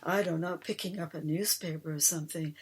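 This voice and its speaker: A woman's voice: low-pitched, fairly even intonation, a little fast, breathy edge, rough recording. A woman from Canada, a guest who chats in a reflective way with many fillers. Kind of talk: casual conversation.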